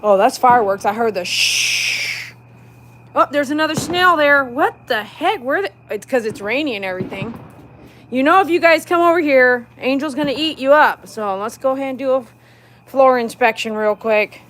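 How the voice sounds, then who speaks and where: A middle-aged woman, chatting casually on a livestream, full of filler words and loud bursts when calling her dogs. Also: high voice, expressive, moderate pace, slight background noise. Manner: chatty, storytelling, lots of "like" fillers. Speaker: dog groomer and small business owner. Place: home patio.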